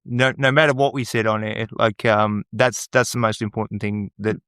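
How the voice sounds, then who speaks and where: A man's voice: on the low side, little pitch movement, normal speed, fairly bright tone, clean tone, dry recording, clean studio sound. A man guest on a podcast, talking in a rambling, heartfelt way in a casual conversation. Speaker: podcast guest, former radio co-host. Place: podcast studio.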